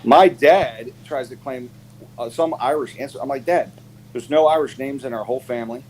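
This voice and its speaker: A man on a casual live panel chat, telling stories with lots of fillers and sharp jumps in pitch when he quotes people. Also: a little fast, a little hiss or hum, low-quality recording. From United States. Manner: animated storyteller, many fillers, pitch jumps when quoting.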